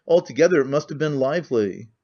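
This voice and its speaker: A man's voice: on the high side, expressive, fast, darkish tone. Guy reading as a brooding young man, short blunt questions, muffled audio. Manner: terse, probing questions.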